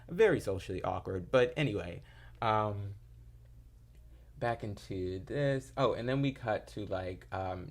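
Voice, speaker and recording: A young man with a fairly low voice talks through a TV episode in a loose, chatty recap. He rambles, piles on fillers, and slips into quoted lines as he retells scenes. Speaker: TV episode reviewer. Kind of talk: casual recap chat.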